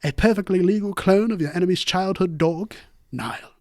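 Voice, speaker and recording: A man voicing a nature-documentary narrator with a British accent, reading a fake ad in a hushed, dramatic way. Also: high-pitched, a little fast, no echo, clean studio sound, lightly acted. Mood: mock solemn.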